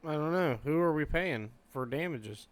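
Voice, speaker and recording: A man's voice: a little high, expressive, normal speed, clear, resonant tone. A man co-hosting a podcast in casual chat, joking and swearing as he trails off and restarts. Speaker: podcast co-host.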